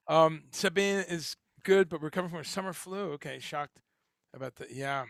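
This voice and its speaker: A man's voice: a little high, normal speed, creaky, fairly bright tone, no echo, studio quality. A man hosting a casual livestream chat, talking in a rambling way with lots of fillers and restarts. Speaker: livestream host. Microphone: headphones and home streaming setup.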